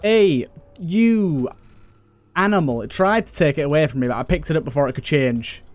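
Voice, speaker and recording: A man's voice: mid-range voice, quick pace, no echo. A young man giving casual, joking commentary while he plays a video game, grumbling and swearing at it. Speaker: let's play gamer.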